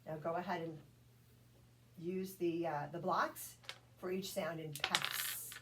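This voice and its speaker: A woman tutoring one-on-one in a phonics drill, patient and encouraging, sounding out each letter slowly. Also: lowish voice, level tone. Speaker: reading tutor. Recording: distant mic with faint background noise.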